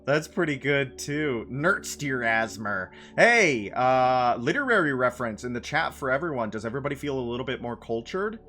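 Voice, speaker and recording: A man's voice: medium pitch, expressive, normal speed, hardly any pauses, sharp tone, faint music behind. A man live-streaming a game, chatting playfully with his chat, laughing and repeating phrases. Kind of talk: casual live-stream chat while gaming.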